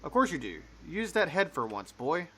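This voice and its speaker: A stern old father, scolding and full of contempt, his voice a touch raised and bright, as a man puts him on. he sneers in a mystery game. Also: a little high, sing-song, moderate pace, slightly rough, voice pushed up, exaggerated voice. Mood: scornful.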